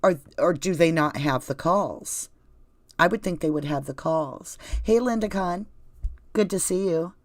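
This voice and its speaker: A woman's voice: on the low side, a little slow, no room sound, clean studio sound. A woman with a Southern US accent, chatting casually on a livestream and talking straight to her viewers. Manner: rambling, conversational, addresses viewers directly. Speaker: channel host reading live chat.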